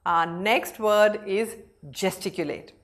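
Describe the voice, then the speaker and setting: A young woman teaching vocabulary in a lively, animated way. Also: medium pitch, slow. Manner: lively, animated explaining with hand gestures. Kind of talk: vocabulary lesson.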